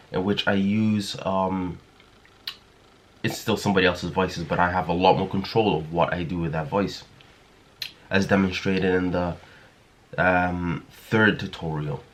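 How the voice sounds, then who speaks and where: Low-voiced, hesitant tutorial man. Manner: hesitant, many fillers and restarts. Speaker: music tutorial host. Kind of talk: casual screen-recorded tutorial.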